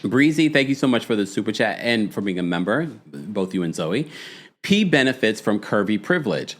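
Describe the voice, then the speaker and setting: A man's voice: fairly low pitch, big pitch swings, moderate pace. A man hosting a casual commentary show, reading viewer messages aloud and reacting with laughs. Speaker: host.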